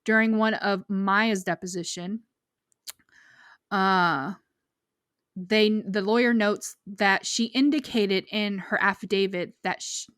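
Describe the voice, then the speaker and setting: A woman's voice: mid-range voice, steady tone, slow, a bit bright, dry recording. Podcast woman recapping earnestly, dry sound. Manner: earnest storytelling, reads quotes aloud. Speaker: podcast co-host.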